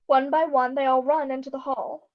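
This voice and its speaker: A woman narrator reading stage directions in a brisk, wry way. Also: sits high, little pitch movement, lo-fi sound.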